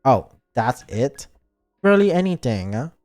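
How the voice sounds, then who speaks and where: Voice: medium pitch, big pitch swings, unhurried, a little mellow, faint music behind. A streamer voicing a brash, defiant teenage girl from a visual novel who answers back in short, dismissive lines. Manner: dismissive, snappy.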